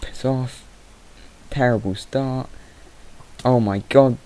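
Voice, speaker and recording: A man's voice: mid-range voice, fairly even intonation, slow pace, mellow, rough recording. A young man giving rambling let's play commentary, easily startled and chatting to the animals in the game. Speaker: gamer. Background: mouse clicking.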